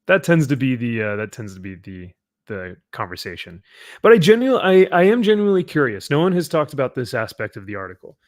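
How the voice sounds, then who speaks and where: A man's voice: medium pitch, very animated, fairly quick. Chatty man hosting a casual talk show. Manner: chatty, laughs often, lots of fillers. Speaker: podcast host. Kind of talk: casual chat.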